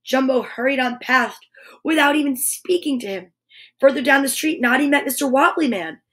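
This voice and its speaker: A woman hosting a children's show, reading a storybook aloud with animated narration and whispered asides. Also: high-pitched, moderate pace. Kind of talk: storybook read-aloud for kids.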